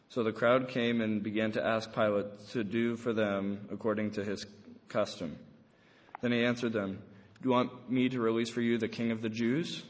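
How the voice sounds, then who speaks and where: A man reading a Gospel passage aloud in church, steady and measured, with a few small stumbles. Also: fairly low pitch. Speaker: scripture reader. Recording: long echo in a large church.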